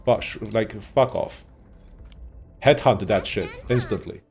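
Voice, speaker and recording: A man's voice: on the low side, a little slow, a little mellow. A male streamer giving casual gaming commentary in a profane, sarcastic rant.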